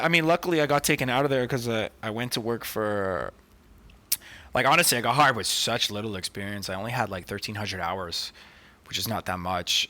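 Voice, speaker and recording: Swearing freely and leaning on "like" and "dude," a male podcast co-host trades stories in casual talk. His voice sits lowish and has a sharp edge.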